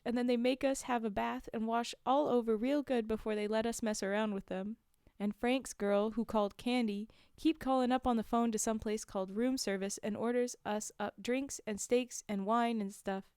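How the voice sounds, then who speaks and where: A woman reads a story aloud on a live stream, her voice fairly high, smooth and clear. She is close to the mic in a dry space. She pauses now and then for chatty, amused remarks. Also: darkish tone, no room sound. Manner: reads the text plainly and breaks off for chatty, amused asides. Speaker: streamer reading a book aloud. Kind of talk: casual live-stream book reading with asides.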